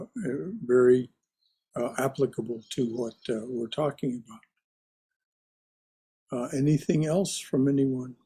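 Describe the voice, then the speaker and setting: A man leading a discussion class, speaking in a slow, thoughtful and hesitant way. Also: medium pitch, dark tone, breathy edge. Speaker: class teacher.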